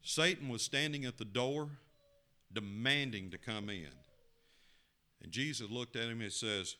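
A man's voice: measured pace, long pauses. Folksy male preacher telling a parable. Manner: folksy, expressive storyteller with sudden rises in pitch and volume. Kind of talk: sermon storytelling.

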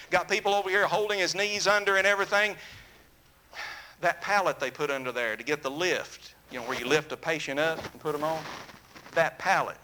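A man preaching a sermon, telling a story in an earnest, animated way that drops to a soft, intimate tone. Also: sits high, a little hiss or hum.

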